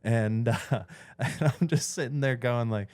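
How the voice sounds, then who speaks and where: Animated, swearing man in his thirties. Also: mid-range voice, measured pace, dry recording. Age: 30s. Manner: animated storyteller, swearing, acting out his own thoughts. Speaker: podcast co-host. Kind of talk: casual chat.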